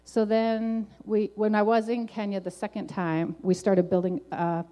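Earnest woman giving faith testimony, mellow. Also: mid-range voice, little pitch movement, unhurried. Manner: earnest, conversational, frequent "like" and "um". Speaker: testimony speaker.

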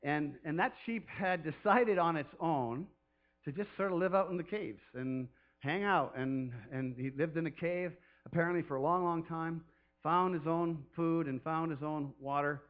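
A man's voice: a little high, normal speed, highs cut off. A man preaching a sermon off the cuff as a pastor, chatty and rambling, who often laughs and throws in playful calls.

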